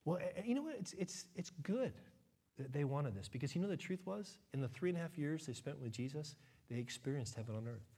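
A man preaching a sermon as a pastor, acting out a crowd's chant and then dropping to a quieter, explaining tone. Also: a little high, animated, brisk, husky.

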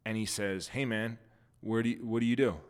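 A man's voice: fairly low pitch, steady tone, a little fast, clear, resonant tone, big-room sound. A man hosting a casual podcast chat who teases his co-host and sets up playful what-if scenarios. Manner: teasing, sets up playful hypotheticals.

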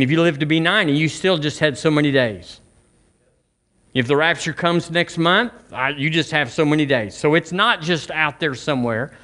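A man's voice: fairly high pitch, fairly bright tone. A man preaching a sermon, talking conversationally to the congregation and asking them questions, often restarting and repeating phrases. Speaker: pastor.

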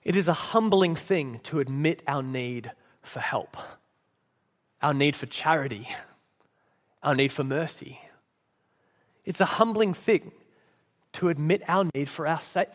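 High-voiced preacher. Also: male voice, fairly bright tone, long reverb tail. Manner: earnest, storytelling, occasional restarts. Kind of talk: sermon. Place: church.

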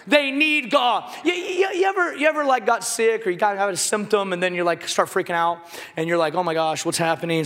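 A man preaches to his congregation in a very high, bright voice, breaking into jokes and then rising to a shout on the lines he wants to land. His sermon rings with the long reverb of a big hall. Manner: animated, joking preacher who shouts key lines. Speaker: pastor.

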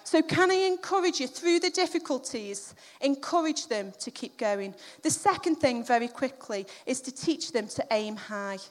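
Middle-aged woman preacher, high voice, chatty, self-mocking, acts out dialogue. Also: animated, normal speed, hardly any pauses. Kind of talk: humorous sermon with personal story.

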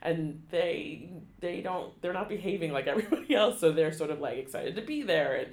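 A man telling a personal story in an interview, halting, with many restarts and fillers, becoming emotional. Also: a little high, expressive, echoey room. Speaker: guest, theater education staff. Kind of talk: conversational storytelling.

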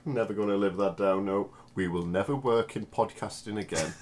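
A man co-hosting a comic podcast, boisterous and quick to yell and swear. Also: on the low side, heavy background noise. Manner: boisterous, swears and yells in bursts. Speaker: podcast co-host.

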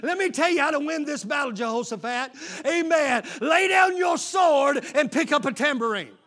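High, bright male preacher, fiery sermon delivery with shouts. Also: animated, moderate pace. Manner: preaching with shouted call-and-response bursts. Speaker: pastor.

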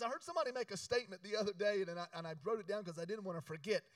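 A man preaching a sermon, urging the congregation to repeat after him and switching between loud exhortation and quiet storytelling. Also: sits high, rapid-fire, no echo, recorded from a distance, low-quality recording. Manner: emphatic, call-and-response preaching. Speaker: pastor.

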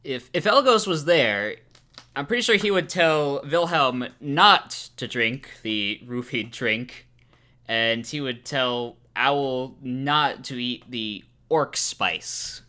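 A man's voice: mid-range voice, lively intonation, takes it slowly, sharp tone. A man playing in a tabletop game, making dry joking asides. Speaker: player.

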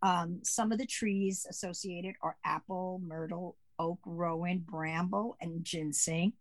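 A woman with a fairly low voice co-hosts a casual podcast. She explains pagan customs slowly and at length, with plenty of fillers along the way. The sound is dry and close, with no room around her. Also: steady tone, no echo. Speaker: podcast co-host. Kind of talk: casual chat about pagan traditions.

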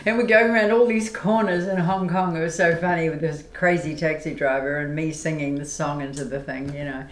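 Woman with a very low voice, lively anecdotes, roomy echo. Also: brisk. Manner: animated, laughing storyteller. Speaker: guest, songwriter.

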